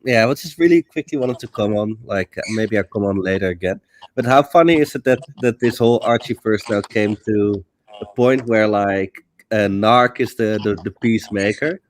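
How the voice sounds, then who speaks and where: A man calling in to a livestream, explaining his view in a measured way. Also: fairly low pitch. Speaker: caller. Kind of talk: call-in chat.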